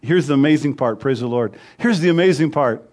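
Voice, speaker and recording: A man's voice: lively intonation, brisk. Preaching man, swelling and dropping. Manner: preaching, swells loud on scripture then drops low and soft. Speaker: pastor. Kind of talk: sermon.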